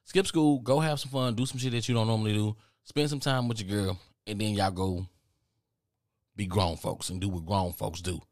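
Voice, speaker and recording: A man hosting a podcast, telling a rambling, profane story in a casual, animated way. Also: on the low side, moderate pace, dry recording, clean studio sound. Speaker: podcast host.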